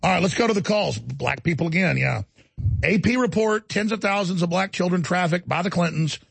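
Male talk radio host, raspy and fried, high-ish, intense ranting delivery. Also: expressive, brisk, a bit bright, no echo. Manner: intense, mocking put-on voices, ranting. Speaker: radio show host taking calls. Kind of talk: heated talk radio rant.

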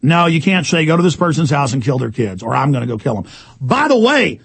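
A man hosting a talk radio show, ranting angrily, repeating himself and shouting. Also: fairly high pitch, very animated, brisk, gravelly, husky, no echo. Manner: shouting, indignant, repetitive. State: agitated. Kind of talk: angry talk radio rant.

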